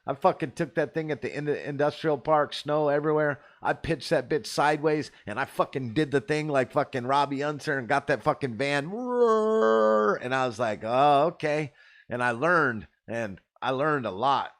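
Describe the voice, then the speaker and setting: A man's voice: medium pitch, normal speed, few pauses, fairly bright tone. A man host telling rambling, profane stories in a laid-back, casual way. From Arizona. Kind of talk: casual storytelling.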